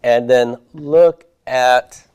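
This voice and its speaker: A man's voice: medium pitch, drawn-out words, a little mellow, clear, resonant tone, no room sound. A man teaching a Hebrew class, reviewing homework and patiently asking his students questions before answering them himself.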